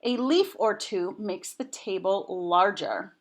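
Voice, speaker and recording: A woman voicing a kind, enthusiastic middle-aged wife in a read-aloud storybook, in a warm, sing-song, encouraging manner. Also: medium pitch, slow. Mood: kindly.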